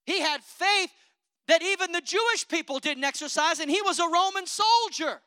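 A preacher delivering an impassioned sermon, calling out for amens and swinging between loud declarations and low conversational asides. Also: normal speed, dry recording.

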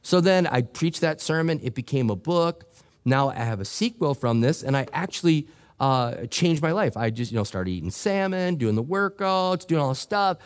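A middle-aged male pastor preaching a sermon, telling a joking, animated story with quoted voices. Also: a little high, normal speed. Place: church sanctuary.

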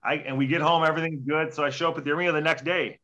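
Bright-voiced, profane young man storyteller. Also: a little high, rapid-fire, lo-fi sound. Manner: profane, rambling, animated retelling with quoted dialogue. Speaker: guest, former hockey player. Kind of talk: casual storytelling interview.

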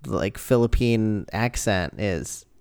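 Guy chatting on a podcast, smooth clear voice, dry close sound, gets animated and laughs a lot. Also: fairly low pitch, slow pace, no echo. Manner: animated, laughs often, jumps into a put-on Australian voice. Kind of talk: casual chat.

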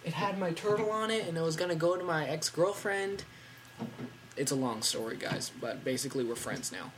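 A fifteen-year-old boy hosting a casual tech podcast from home, rambling and excitable with lots of fillers. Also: a little high, a little fast, noisy background. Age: teens. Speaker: podcast host.

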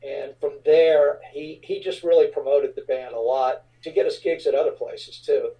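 A middle-aged man from the New Orleans area, a rock frontman telling stories in an interview, relaxed and rambling with many fillers. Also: a little high, moderate pace, recorded from a distance, low-quality recording. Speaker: rock band frontman, guest. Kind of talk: casual interview storytelling.

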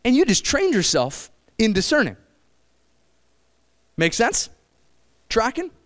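A man with a very high voice preaches a sermon to his church, animated and conversational, slipping now and then into quick quoted voices.

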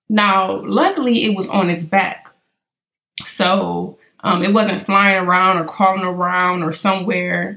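A woman's voice: medium pitch, a bit bright. Woman, podcast host, from California, casual storytelling monologue, addresses listeners directly.

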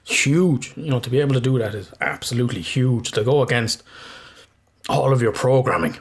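A man's voice: mid-range voice, a little fast, husky. Man telling stories over casual chat. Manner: swears freely, storytelling with laughs.

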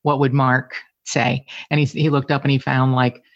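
Her voice rumbles low at a normal speed: a middle-aged woman from the Cincinnati area, Ohio, appearing as a guest in a relaxed chat. She's a candid, animated storyteller who swears freely. The audio is dull and has no room sound.

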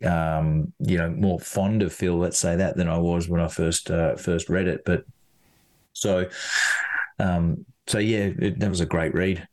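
A man's voice: deep voice, fairly even intonation, unhurried, darkish tone. A man co-hosting a golf podcast in a laid-back, casual way with dry quips. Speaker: podcast co-host.

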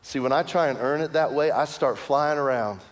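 A man preaching a sermon as pastor, telling a story with lively swings between loud excitement and hushed, near-whispered lines. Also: a little high, fairly quick. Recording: long hall reverb.

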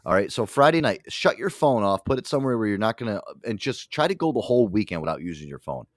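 A man's voice: on the low side, very animated, fast talker, dry recording, clean studio sound. A man hosting a podcast, chatting casually and telling profane, joking stories. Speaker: podcast host. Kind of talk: casual chat.

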